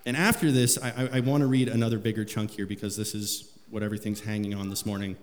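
A man's voice: level tone, fast. Man preaching in a reverberant hall. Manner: rises in pitch and volume when reading scripture aloud. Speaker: pastor. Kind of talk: sermon with scripture reading.

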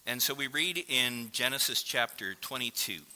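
A man's voice: medium pitch, animated, normal speed, few pauses, sharp tone. A man preaching a sermon in a conversational way, acting out the voices of the people he quotes. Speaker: pastor.

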